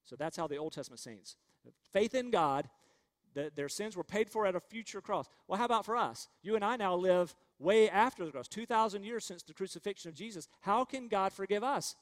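A man's voice: sits high, expressive, fairly quick, long reverb tail. A man preaching a sermon as pastor, earnest and full of rhetorical questions, leading the congregation to repeat phrases after him. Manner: earnest, rhetorical questions, leads the crowd in call-and-response.

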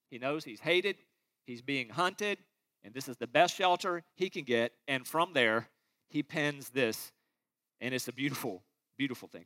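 Preaching a sermon, this middle-aged pastor has a voice that is high, bright and forceful. His earnest delivery swings between loud emphasis on key words and soft, low asides, always sincere in tone.

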